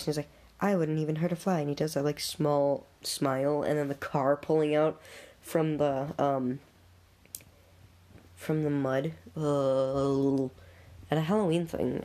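Chatty vlogger reading a list out loud. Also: mid-range voice, vocal fry. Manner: chatty, stumbles over names; blurts quick reactions. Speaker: video host. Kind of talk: casual reading and reacting.

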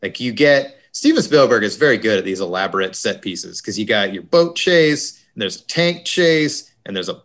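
Homem de voz grave, papo descontraído. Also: male voice, fairly low pitch, animated, fairly bright tone. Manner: jokey, does quick impressions. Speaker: podcast co-host. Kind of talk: casual movie review chat.

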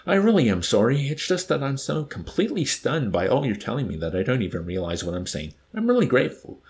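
A man's voice: medium pitch, wildly swooping pitch, fast, a little mellow, voice pushed up. A man reading as a meek, flustered army chaplain. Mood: apologetic. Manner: apologetic, pleading.

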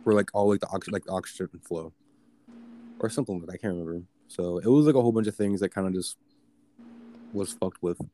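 Deep-voiced young man, rambling casually. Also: fast, pauses often, warm tone, a little hiss or hum. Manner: rambling, filler-heavy, profane. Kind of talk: casual storytelling chat.

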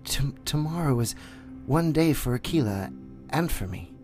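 A man voicing an earnest, quick-tempered boy raised by wolves in a storybook reading. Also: medium pitch, expressive, a little mellow, soft background music, voice pushed up, close to an everyday voice. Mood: urgent. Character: young boy raised by wolves, eager and bold.

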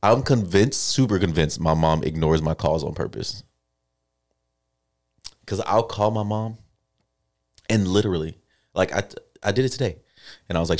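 Very deep-voiced young man telling stories. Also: normal speed, pauses often. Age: 20s. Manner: animated storytelling, acts out quoted dialogue. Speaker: podcast co-host. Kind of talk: casual podcast banter.

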